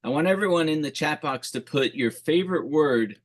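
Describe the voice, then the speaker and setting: A man's voice: on the high side, lively intonation, brisk. A middle-aged man, a referee coach, presenting on a video call in an upbeat, encouraging way and reading chat replies aloud.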